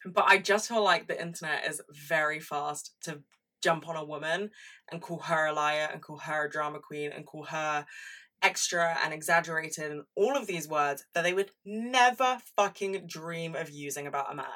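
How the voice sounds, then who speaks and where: A woman's voice: deep voice, moderate pace, sharp tone, recorded from a distance. A woman in her twenties hosting a solo podcast, chatty and casual, swearing freely and laughing often. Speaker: podcast host.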